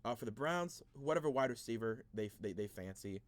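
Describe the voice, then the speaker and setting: A man's voice: mid-range voice, animated, fairly quick. A man hosting a casual sports video, thinking aloud through a mock draft, rambling and easily frustrated, with many restarts.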